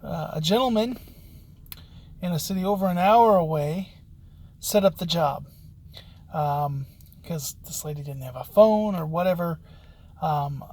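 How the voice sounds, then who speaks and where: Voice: medium pitch, darkish tone. A locksmith telling a job story in a casual, rambling way, with frequent halts and restarts. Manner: rambling, halting, with many restarts and fillers. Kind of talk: casual spoken anecdote.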